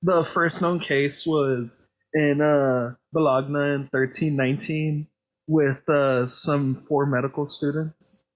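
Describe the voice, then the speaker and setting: A man co-hosting a podcast, reading out topic notes haltingly with many fillers. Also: a little high, fairly even intonation. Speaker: podcast co-host.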